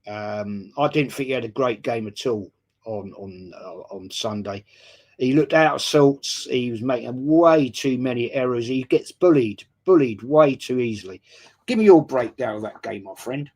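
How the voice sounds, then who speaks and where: Brief: male host, casual football chat, mid pitch, greets viewers warmly. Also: moderate pace. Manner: chatty, greets viewers by name. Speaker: podcast host.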